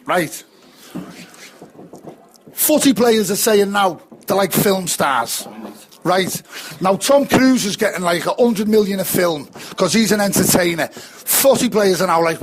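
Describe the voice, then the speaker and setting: Man, Liverpool accent, high-pitched, passionate, ranting, fan chat. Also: animated, unhurried. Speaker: football fan pundit. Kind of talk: heated pub-style football chat.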